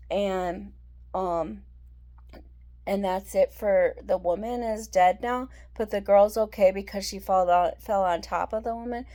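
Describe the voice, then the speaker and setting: A woman vlogger with a medium-pitched, slightly mellow voice chats casually as she recaps a film's plot. She rambles, uses lots of fillers and restarts, and acts out the characters' lines.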